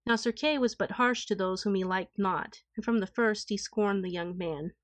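A woman narrates an old tale in a calm, formal, steady voice. She is recorded close and dry, with a mid-range pitch. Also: normal speed, no echo. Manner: calm, even, formal reading. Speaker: audiobook narrator. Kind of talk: scripted storybook narration.

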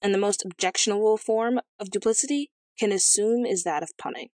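A woman's voice: medium pitch, fairly quick, a little mellow, no echo, natural voice. A woman voicing a pompous, quarrelsome king in a storybook reading, in a slightly raised, self-important tone. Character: pompous, quarrelsome king, middle-aged man.

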